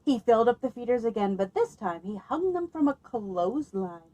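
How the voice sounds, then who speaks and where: Expressive woman reading to children. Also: on the high side, normal speed, muffled recording. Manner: expressive, lively, asks listeners questions. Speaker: children's librarian. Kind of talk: children's story time read-aloud.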